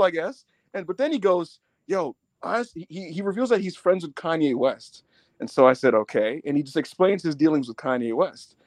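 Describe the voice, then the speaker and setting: Brief: male podcast co-host, high and very animated, excited storyteller, dry close mic. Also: no room sound. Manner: animated, quotes people in quick bursts.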